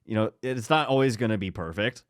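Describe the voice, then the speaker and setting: A young man with a lowish voice co-hosts a podcast. He reads stories aloud and drifts into loose, profane chat, laughing off his own mistakes. The sound is dry and close. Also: fairly quick, no room sound. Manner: swearing, joking, laughs at own slips. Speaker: podcast co-host reading stories. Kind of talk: casual chat and reading aloud.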